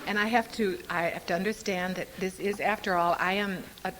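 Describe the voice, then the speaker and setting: An older woman speaking at a recovery convention before a live audience, an animated, playful storyteller who laughs often. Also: medium pitch, brisk, background noise. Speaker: Al-Anon speaker.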